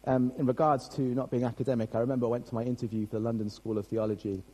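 A man's voice: medium pitch, flat delivery, rapid-fire, dark tone, poor audio. A young British man preaching a sermon as pastor, chatty and self-deprecating, joking with his congregation.

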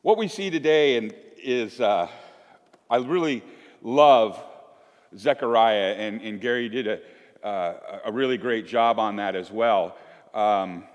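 A man's voice: lowish voice, slow pace, muffled recording. A male pastor preaching a sermon in a church, telling homely stories in a conversational, self-deprecating way with frequent restarts. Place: church sanctuary. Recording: long reverb of a church sanctuary.

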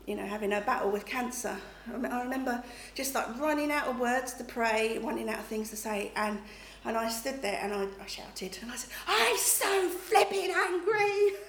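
A middle-aged woman preaches in a relaxed, conversational way, dotting her talk with "you know" and "okay?". Her voice sits a touch high for a woman. She is recorded in a reverberant room with a faint hiss behind her. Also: fairly quick, few pauses. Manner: chatty, checks in with listeners with "okay?" and "you know". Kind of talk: conversational sermon. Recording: echoey room, faint background noise.

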